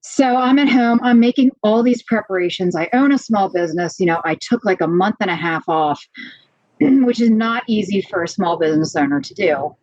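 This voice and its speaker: A woman's voice: medium pitch, moderate pace, dry recording. A woman from Pennsylvania, a podcast guest telling her own story frankly and with animation. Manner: frank, animated retelling, many fillers. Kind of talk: candid personal storytelling. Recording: slightly dull, dry lo-fi audio.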